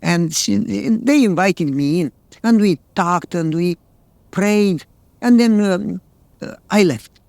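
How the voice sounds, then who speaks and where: A man's voice: high voice, slow pace, creaky, a little mellow, no echo. A male pastor preaching a sermon, telling a story in plain, earnest words.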